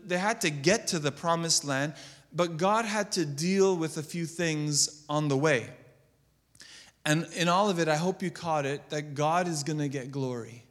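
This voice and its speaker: A man preaching a sermon as pastor, reading scripture aloud and applying it, swinging between loud emphasis and low, quiet asides. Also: big-room sound.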